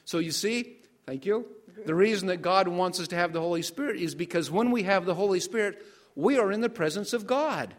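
Older guy pastor preaching a sermon, kinda high voice, keeps quizzing the crowd. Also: expressive, brisk. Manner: asks the congregation questions and waits for answers.

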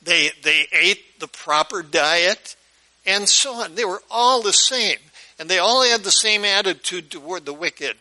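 A man's voice: high voice, lively intonation, a little slow, pushed and bright, low-quality recording. A male pastor preaching a sermon in a conversational storytelling way, often putting questions to his listeners.

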